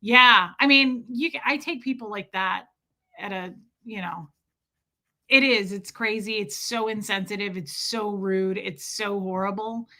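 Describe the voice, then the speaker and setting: A middle-aged woman tells a story to the camera in a loose, casual way. She is blunt and swears freely, and her voice has a bright, forward edge. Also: mid-range voice, unhurried. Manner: blunt, profane and animated. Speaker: vlogger.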